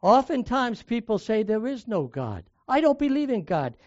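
An older man from the United States preaches in a fairly high voice, spinning personal stories and leaning hard into some lines while dropping others low. The recording is dry and a little muffled, with no room sound. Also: big pitch swings, moderate pace, darkish tone, dry recording. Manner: conversational storytelling, varies volume for emphasis. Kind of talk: sermon with personal story.

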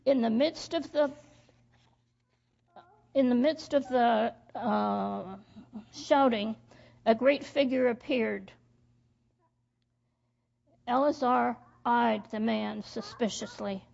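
A woman reading a story aloud to children in church, halting and stumbling over words as she goes. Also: a little high, vocal fry, darkish tone. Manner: slow, halting reading with slips and restarts. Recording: dull lo-fi recording.

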